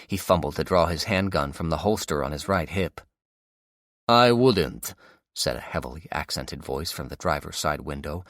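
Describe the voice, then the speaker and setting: A man narrating an audiobook in steady, dramatic storytelling. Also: sits low, dry recording, clean studio sound. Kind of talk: scripted narration.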